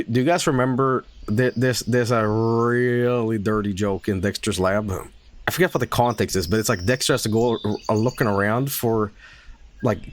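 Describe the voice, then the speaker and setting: A young man streaming a game and chatting casually, telling rambling stories with stammers and swearing. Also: on the low side. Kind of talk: casual livestream chat while gaming.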